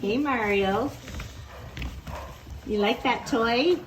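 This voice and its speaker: A woman's voice: on the high side, drawn-out words. A woman introducing puppies at her kennel, chatting and cooing at them in baby talk. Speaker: dog breeder filming puppies. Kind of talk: casual narration to camera. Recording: noisy kennel with dogs around. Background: puppies playing.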